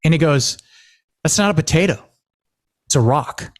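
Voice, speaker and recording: A man from Washington State hosts a casual podcast, his fairly high voice swinging up and down as he tells stories. He acts out the dialogue and fills gaps with lots of "like" and "uh". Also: moderate pace. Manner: animated storyteller, acts out quoted dialogue, many fillers. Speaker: podcast host.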